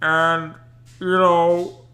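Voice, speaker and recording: Man doing a parody voice, whiny male streamer, sneering, high-pitched, slow. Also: flat delivery, pushed and bright, exaggerated voice. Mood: mocking.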